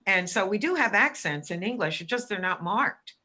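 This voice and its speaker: A woman's voice: medium pitch, animated, normal speed, bright, forceful tone. A middle-aged woman presenting a webinar lecture, explaining emphatically and sounding out words as examples. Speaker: teacher educator presenting.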